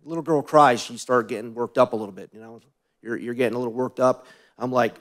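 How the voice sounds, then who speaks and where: A male pastor giving a sermon, telling personal stories in a conversational way and asking the congregation questions, often dropping to quieter asides. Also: mid-range voice, fast.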